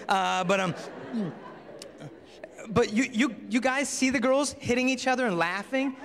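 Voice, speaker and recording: A young adult man giving a humorous talk at a high school assembly, telling stories and acting out quoted voices. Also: a little slow, gravelly, a faint crowd, slight background noise. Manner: animated storytelling, acts out quoted voices. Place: large school auditorium. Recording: long hall reverb.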